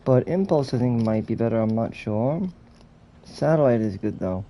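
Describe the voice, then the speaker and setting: A man's voice: medium pitch, expressive, moderate pace, dark tone, slight background noise, low-quality recording. Profane joking male game streamer. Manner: profane, mock-ranting, joking. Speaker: gaming streamer. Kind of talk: casual game commentary.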